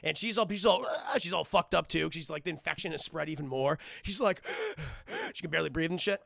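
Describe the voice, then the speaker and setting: A man recapping a movie scene by scene for a live-stream chat, in an excitable, profane way, addressing the chat as he goes. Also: fairly high pitch, brisk, creaky, dry recording, studio quality. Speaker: film reviewer streaming to a chat.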